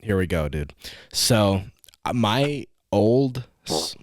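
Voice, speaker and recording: A man's voice: lowish voice, animated, slow, no room sound, clean studio sound. A young man co-hosting a podcast, telling a story in a rambling casual way full of "like" and swearing. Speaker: podcast co-host.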